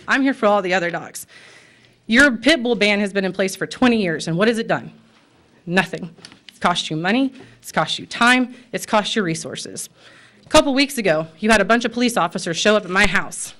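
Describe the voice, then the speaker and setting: A woman's voice: mid-range voice, moderate pace, fairly bright tone. An American woman and pet store owner speaking at a city commission meeting, impassioned and emotional, with frequent fillers. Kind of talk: public comment at a city meeting.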